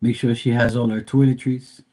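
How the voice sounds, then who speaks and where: Man, live-stream host, blunt, profane, rambling chat, dark mellow tone. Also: mid-range voice, little pitch movement, moderate pace. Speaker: livestream host.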